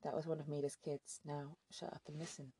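A blunt, curt grown man who gives orders and brushes off questions, spoken by a woman narrator. The voice is gravelly and dark, with husky grain and a flat, even line. It sits close and dry in a storybook reading. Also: low-pitched, brisk, full character voice. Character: gruff intense grown man, blunt captor.

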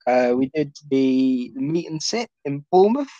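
A man's voice: medium pitch, lively intonation, moderate pace, dark tone, no room sound. Male comic, podcast guest, rambling and sweary, muffled dry lo-fi take. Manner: rambling, lots of fillers and restarts, sweary. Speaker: stand-up comedian, guest. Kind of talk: casual podcast chat.

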